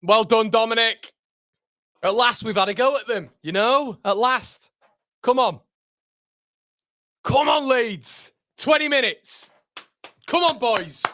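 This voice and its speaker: A young man reacting live to a football match for his fan channel, swinging from groans to excited shouts. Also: extremely high pitch, slow pace, pauses often, no echo, studio quality.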